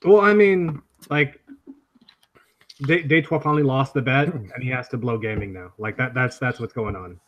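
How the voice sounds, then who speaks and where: A man's voice: mid-range voice, normal speed, fairly bright tone. A man chatting casually, crude and blunt, often stumbling over repeated words. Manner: blunt, crude, stammers on restarts. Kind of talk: casual chat.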